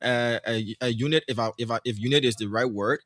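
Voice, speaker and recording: Liberian guy hosting a talk show, talks quick, dry close mic. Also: medium pitch, fairly bright tone, dry recording. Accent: Liberian English. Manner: prompting, moderating callers. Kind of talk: casual radio talk show.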